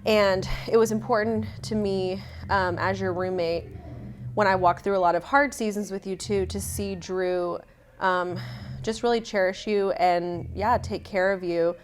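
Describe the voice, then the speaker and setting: A woman's voice: mid-range voice, steady tone, unhurried, slight background noise. Former roommate, woman, a bit out of breath, sincere wedding message with frequent ums. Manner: warm, heartfelt, with many ums. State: a little out of breath.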